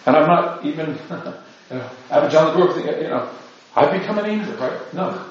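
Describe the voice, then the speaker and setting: A man gives an informal spiritual talk to his parish, rambling and self-deprecating with plenty of asides. His voice is a little high, animated and slightly fast. A distant mic makes the recording very echoey, with a dull lo-fi sound.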